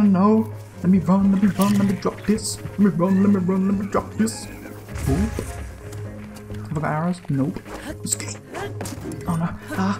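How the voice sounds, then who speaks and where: A man giving casual gameplay commentary, excitable and slangy, swearing and yelping as he plays. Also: high-pitched, unhurried, pauses often, over music. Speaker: let's play gamer.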